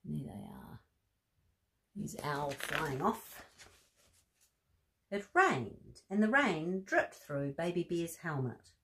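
A woman reading a bedtime story to children, animated and asking the listener questions. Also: low-pitched, slow, long pauses, a little hiss or hum.

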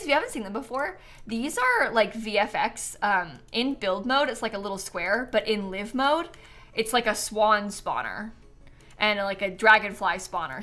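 A woman's voice: medium pitch, sharp tone. A woman chatting casually to viewers on a live game stream, bubbly and giggly, a bit tired and yawning.

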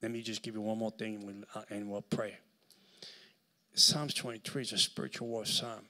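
With a low-ish voice at normal speed, a Puerto Rican-accented man preaches as guest speaker at a church service. He tells stories with animation before building to loud preaching.

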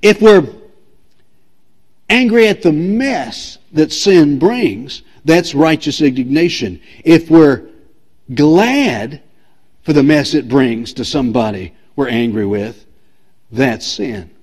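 A man's voice: on the high side, lively intonation, slow, a little mellow. A man preaching a sermon as pastor, emphatic and repetitive, asking the congregation direct questions. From United States.

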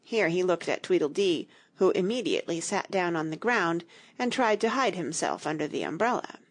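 Woman narrator, breathy, low-ish voice, lively intonation, children's storybook. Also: normal speed. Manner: clear storytelling, expressive.

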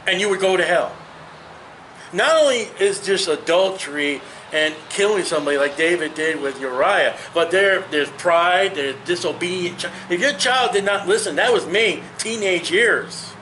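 A man's voice: high-pitched, normal speed, bright, forceful tone, slight background noise, poor audio. A man in his fifties teaching a Bible study in an earnest, emphatic, personal way, talking straight to his listeners. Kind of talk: conversational Bible study preaching.

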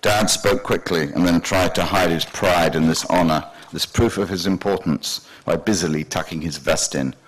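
A man's voice: sits low, steady tone, moderate pace, few pauses, low-quality recording. A man giving a dry, wry literary reading of his own fiction on a festival stage. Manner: dry, wry storytelling with voiced characters. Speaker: author reading his novel. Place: festival stage before an audience.

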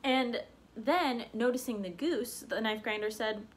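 A woman's voice: a little high, a little slow, slight background noise. Woman telling a folktale aloud. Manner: animated, homespun. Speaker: storyteller.

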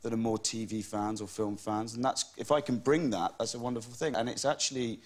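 A man's voice: mid-range voice, steady tone, a little fast. A man, an actor guest on a talk show, speaking in a good-humoured way and often restarting his words. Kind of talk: chat show interview. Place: TV studio with audience.

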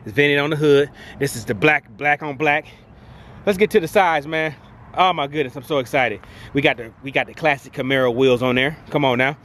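A man in an excited car walkaround vlog, talking outdoors at a dealership lot in a hyped, slangy way with rhyming wordplay and repeated catchphrases. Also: fairly high pitch, a little fast, a little hiss or hum. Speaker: car vlogger.

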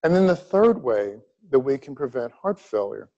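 A middle-aged man from Louisiana giving a grand rounds medical lecture, emphatic and deliberate in his pacing. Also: mid-range voice, sing-song, mellow, highs cut off. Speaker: cardiology lecturer.

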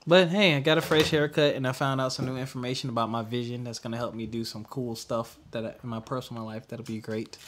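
A young adult man co-hosting a podcast, venting candidly in casual chat and trailing off into quiet mutters. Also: mid-range voice, fairly even intonation, quick pace, hardly any pauses, slight background noise. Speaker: podcast co-host.

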